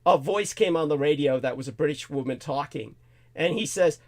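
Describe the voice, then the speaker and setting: A man's voice: on the high side, normal speed. Indignant talk show host man. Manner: animated, profane, indignant, with many fillers and restarts. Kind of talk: ranting talk show monologue.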